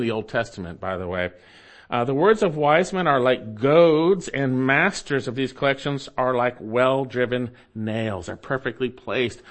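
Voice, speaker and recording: A man preaching a sermon, reading scripture slowly and repeating key phrases for emphasis. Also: mid-range voice.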